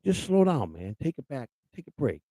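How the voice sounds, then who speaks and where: A man's voice: mid-range voice, very animated, fairly quick, mellow, slightly rough, no echo. A man hosting a live stream in casual chat, overjoyed and near tears, talking emotionally with lots of stammering and repeated words.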